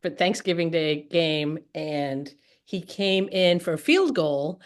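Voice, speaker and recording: A woman's voice: low-pitched, animated, slow. A woman hosting an interview, chatting casually with many fillers and easy laughter. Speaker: podcast host.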